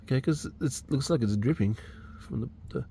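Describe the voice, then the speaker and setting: A man's voice: medium pitch, a little fast, creaky, mellow, slight background noise. A young man, the channel host, chatting casually and asking lots of questions while working on a car in a home garage. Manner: chatty, laughs often, asks lots of questions.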